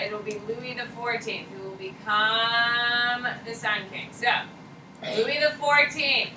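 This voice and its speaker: Woman teacher lecturing a class from afar. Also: mid-range voice. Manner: casual, joking, repeats key points for note-taking. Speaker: high school history teacher. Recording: echoey classroom from far off, noisy.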